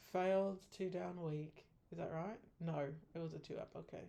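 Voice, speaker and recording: A woman's voice: lowish voice, flat delivery, unhurried, gravelly, darkish tone. A woman trader going over her own week of trades, scolding herself bluntly in a frustrated tone and swearing casually. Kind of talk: casual weekly trade review.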